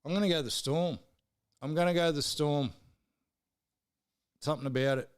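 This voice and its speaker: Swearing, teasing Australian man, smooth voice. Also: fairly high pitch, moderate pace. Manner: swears freely, teases viewers and mates in the chat. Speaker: live-stream host. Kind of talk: casual live-stream footy tipping chat.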